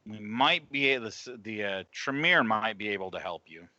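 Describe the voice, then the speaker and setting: A man playing a tabletop role-play game, talking in a calm, reassuring way. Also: fairly low pitch, normal speed, no echo. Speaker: player. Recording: dull dry mic.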